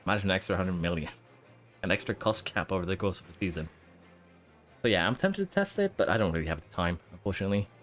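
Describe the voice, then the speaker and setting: Low-voiced man rambling through a live game stream. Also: lively intonation, fast talker, fairly bright tone, faint music behind. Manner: rambling, thinking aloud with many fillers and restarts. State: hiccuping and holding them in. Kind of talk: casual live-stream commentary.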